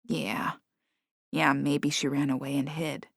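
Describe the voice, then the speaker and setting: A woman's voice: deep voice, level tone, slow, vocal fry, no echo, clean studio sound, pitched below the performer's own voice, exaggerated voice. A woman voicing a weepy little black cat. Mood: worried. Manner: dramatic, sobbing and wailing. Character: emotional small female black cat.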